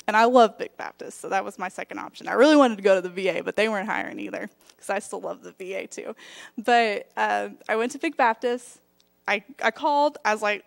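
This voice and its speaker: A woman's voice: mid-range voice, a little fast, vocal fry, no echo. A young woman with a Southern US accent giving a personal testimony at a church service, telling her story with lots of acted-out quotes and laughs. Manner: animated storytelling, acting out quotes, frequent laughs.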